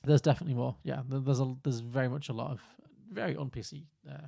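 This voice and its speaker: A man's voice: medium pitch, fast talker, vocal fry, warm tone. A man co-hosting a film podcast, joking and rambling in casual chat with lots of fillers. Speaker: podcast co-host.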